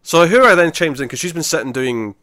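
A man, co-hosting a podcast in casual chat, retelling scenes in an animated way with many restarts. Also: on the high side, fast, no echo. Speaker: podcast co-host.

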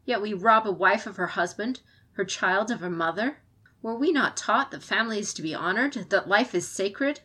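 A woman's voice: mid-range voice, normal speed. A woman reading as Komoko, a fierce samurai advisor. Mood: impassioned. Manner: impassioned, forceful pleading. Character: fierce female samurai advisor, defiant, passionate.

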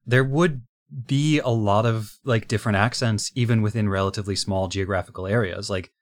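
A man's voice: lowish voice, a little fast. A man co-hosting a podcast who talks casually and lays out his opinions at length. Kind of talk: casual chat.

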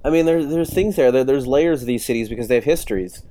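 Talking at a quick pace in a medium-pitched voice, a man in his thirties spins a rowdy, profanity-filled story in casual conversation, acting out other people's quotes with animation.

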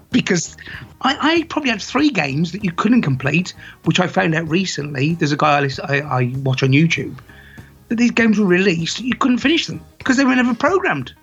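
A man chatting casually as a podcast guest, animated and laughing often, with a husky voice. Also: sits high, normal speed, soft background music. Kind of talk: casual chat. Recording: dull lo-fi sound.

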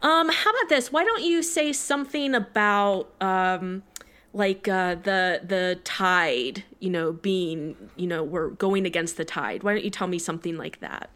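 Woman, improv manager, smooth resonant voice, chatty, hesitant. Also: on the low side, lively intonation, measured pace, a bit bright. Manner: chatty, hesitant, full of ums and likes. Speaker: restaurant manager in an improv scene. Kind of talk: improvised comedy.

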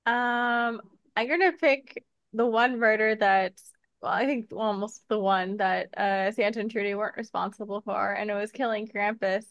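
A woman's voice: mid-range voice, fairly even intonation, moderate pace, fairly bright tone, dry recording. A woman in a casual movie discussion, hesitant and stammering, laughing as she talks. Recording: dull, dry sound.

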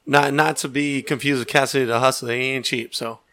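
Bright-voiced man hosting a podcast. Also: medium pitch, steady tone, fairly quick. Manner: joking, teasing. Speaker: podcast host. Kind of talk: casual podcast banter.

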